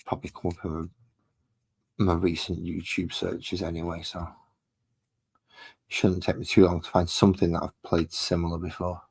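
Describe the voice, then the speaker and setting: A man with a low, slightly husky voice rambles casually as he works through his painting. He thinks aloud and pokes fun at himself, in an unhurried, chatty way at a home hobby desk. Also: completely flat delivery, darkish tone, poor audio. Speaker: miniature painting hobbyist host.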